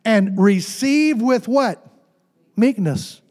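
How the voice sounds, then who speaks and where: A man's voice: high voice, animated, drawn-out words, a little mellow. A man preaching a sermon, reading scripture and tossing call-and-response asides to the congregation, with the occasional joke. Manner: jokes with congregation. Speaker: pastor.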